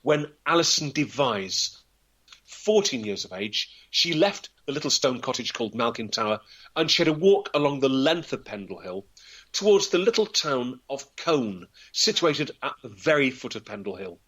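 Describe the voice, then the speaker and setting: A local historian tells a historical tale as dramatic storytelling, theatrical and vivid, acting out the voices. His mid-range voice is husky and fairly bright, with big pitch swings at a normal speed.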